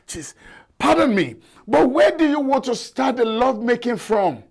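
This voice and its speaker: A man's voice: extremely high pitch, expressive, a little slow, creaky, darkish tone, breathy edge. A man hosting a live call-in show, giving an impassioned, lecturing monologue and repeating words for emphasis. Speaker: talk show host.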